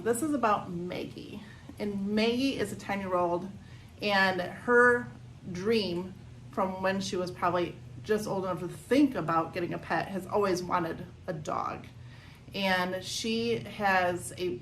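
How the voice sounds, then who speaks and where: Woman, youth librarian, animated book talk, chatty storytelling, home porch outdoors, faint background hiss. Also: medium pitch, rough recording.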